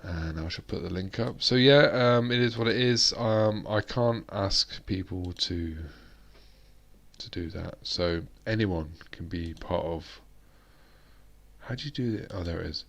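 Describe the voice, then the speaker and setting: A man's voice: low-pitched, a little slow, gravelly. A British man hosting a live-stream chat, rambling along with plenty of fillers and restarts. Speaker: host.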